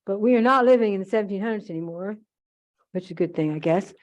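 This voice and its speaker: A woman's voice: medium pitch, fast. An older woman telling rambling, chatty stories with asides while demonstrating holiday decorating. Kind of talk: casual storytelling during a demonstration. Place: museum event room. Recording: muffled museum archive recording.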